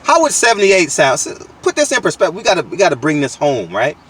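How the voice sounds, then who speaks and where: A man's voice: on the high side, huge pitch swings, quick pace, fairly bright tone, husky, distant mic. A man hosting his channel, delivering a blunt, slangy, profane opinion rant with lots of emphatic restarts, recorded outdoors. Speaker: channel host.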